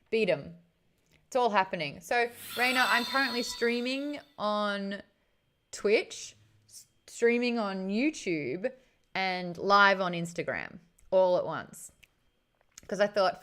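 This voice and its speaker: A woman's voice: mid-range voice, sharp tone. A young adult woman, chatting casually with viewers on a live stream, greeting the chat and laughing often.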